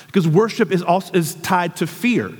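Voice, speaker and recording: A man's voice: high voice, moderate pace, breathy edge. Earnest male preacher in echoey hall. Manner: earnest, emphatic, rhetorical questions. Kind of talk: sermon.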